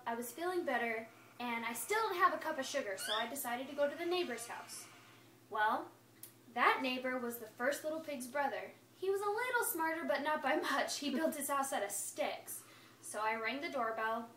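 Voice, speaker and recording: A chatty wolf who swears he was misunderstood, told by a woman in a high, lively storybook voice that swoops up and down. It is heard from a distance in an echoey room, with a faint hiss behind. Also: normal speed. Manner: chatty, innocent-sounding, playful. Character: friendly, self-justifying male wolf. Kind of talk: first-person storybook read-aloud.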